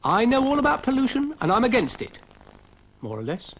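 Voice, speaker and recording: A man's voice: very high voice, huge pitch swings, fairly quick, a bit bright, slightly rough, pitched above the performer's own voice, heavily acted. A man voicing a grumpy, vain male dog who talks in a pompous, self-pitying way. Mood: indignant.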